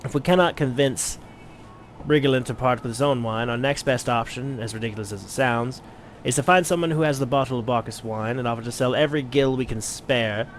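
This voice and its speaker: A man voicing a blind retired mercenary turned wine merchant, measured, courteous and wordy, for a game playthrough. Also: medium pitch, a little hiss or hum, close to an everyday voice. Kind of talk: let's play voice acting.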